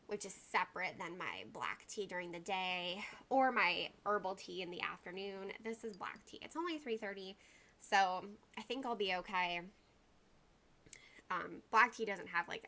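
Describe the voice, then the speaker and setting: Chatty and rambling, a livestream host greets her viewers by name in a bright, mid-range voice with a forceful tone. Her casual talk is full of "y'all" and "like."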